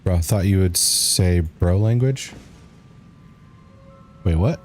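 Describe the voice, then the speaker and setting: A man's voice: sits low, slow, darkish tone, faint music behind. A man streaming a game, chatting casually and joking, at times hamming up a bro voice. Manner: joking, slips into a mock bro voice. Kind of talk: casual gameplay commentary.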